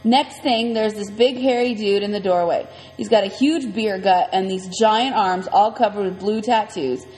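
A woman's voice: mid-range voice, moderate pace, few pauses, darkish tone. A woman reading a first-person story aloud in a conversational, vivid way. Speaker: audiobook reader. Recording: long reverb, faint music.

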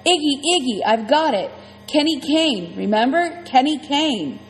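A woman's voice: a little high, animated, normal speed, a little hiss or hum, natural voice. A woman voicing a scrawny, nosy chain-smoking woman who talks out of the side of her mouth. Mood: wheedling. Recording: long reverb, faint music.

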